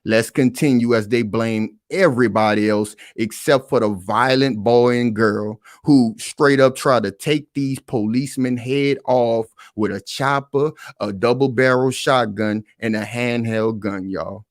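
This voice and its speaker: A man speaking who hosts a reaction commentary, pausing a news clip and arguing his points emphatically while speaking straight to his viewers. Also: mid-range voice, dry recording, studio quality. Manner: emphatic, repeats points, talks to viewers as "y'all".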